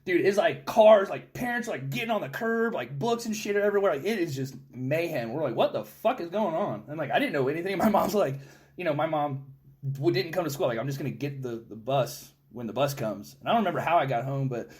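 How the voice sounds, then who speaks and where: A man in his thirties, a podcast host, telling stories in casual chat, excitable and swearing, with lots of "like". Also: fairly high pitch, fast. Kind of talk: casual storytelling.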